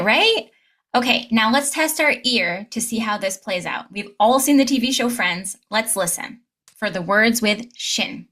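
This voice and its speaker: A woman teaching English pronunciation, demonstrating sounds clearly and drilling words slowly with strong stress. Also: fairly high pitch, fairly bright tone. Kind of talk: pronunciation lesson.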